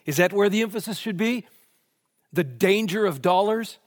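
A man's voice: high voice, lively intonation, normal speed, big-room sound. A man preaching a sermon, posing question after question before answering them emphatically.

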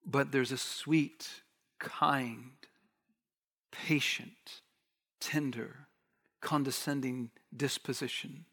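A man preaching a sermon as a pastor, swinging from hushed near-whispers to raised, urgent lines and repeating words for emphasis. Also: a little high.

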